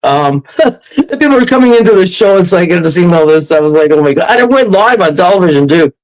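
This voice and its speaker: A man telling a ghost story as a podcast guest, animated, laughing often and acting out quotes. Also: high-pitched, fairly quick, low-quality recording. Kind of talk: casual storytelling.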